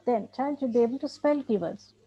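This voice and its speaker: A woman's voice: a little high, brisk, dark tone, breathy edge. A woman with an Indian English accent giving an emphatic training lecture to teachers and parents, repeating her points. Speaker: special education trainer. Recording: dull muffled lecture recording.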